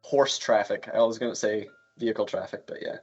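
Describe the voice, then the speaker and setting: A man's voice: fairly low pitch, fairly quick, breathy edge, lo-fi sound, soft background music. A man narrating as game master, casual and full of fillers.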